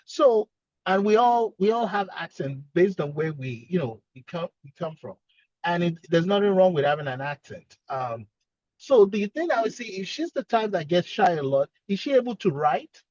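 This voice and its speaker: A man with an accent giving gentle, encouraging speech advice over a video call from his car. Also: high voice, lively intonation, moderate pace, no room sound, highs cut off. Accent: non-native English accent. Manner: gentle, encouraging, acts out example dialogues. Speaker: speech-language pathologist, expert guest.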